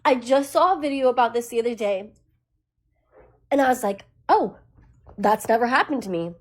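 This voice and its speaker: High-voiced excitable woman. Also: moderate pace. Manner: excitable, rambling. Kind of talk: social media vlog.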